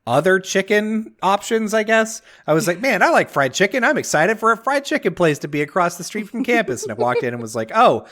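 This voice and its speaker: A young man co-hosting a casual podcast. His pitch swings widely as he tells a story and works himself into a mock-outraged rant. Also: very animated, a little fast, few pauses, a bit bright. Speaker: podcast co-host. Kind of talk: casual chat.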